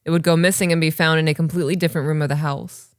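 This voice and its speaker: A woman in her thirties co-hosts a podcast, reading listener stories and chatting casually. Her low voice races along, animated, and she swears freely.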